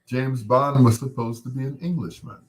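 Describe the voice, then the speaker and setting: A man around 60 hosting a casual chat, rambling in a relaxed way and greeting viewers by name. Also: medium pitch, normal speed. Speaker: host.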